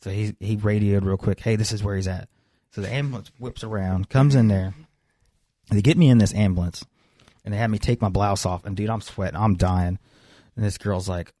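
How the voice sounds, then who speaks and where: Profane young man telling a story, mellow. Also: fairly low pitch, steady tone, a little fast, no echo, clean studio sound. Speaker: podcast co-host. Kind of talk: casual storytelling chat.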